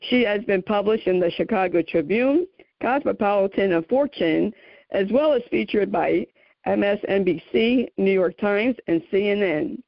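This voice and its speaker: Woman radio host, effusive and emotional, halting with fillers, dry muffled sound. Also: medium pitch, expressive, no room sound. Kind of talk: radio interview.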